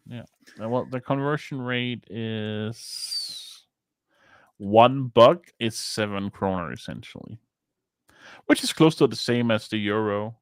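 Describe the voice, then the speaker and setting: A man's voice: lowish voice, slow, pauses often, smooth, no room sound. A man with a Danish accent, a podcast co-host chatting casually in a rambling, chatty way with casual swearing. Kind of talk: casual chat.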